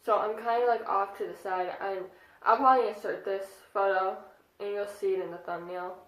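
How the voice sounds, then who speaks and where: A young woman in her twenties telling a casual storytime vlog, chatty and excitable with lots of fillers. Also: mid-range voice, moderate pace. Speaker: vlogger. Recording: echoey room.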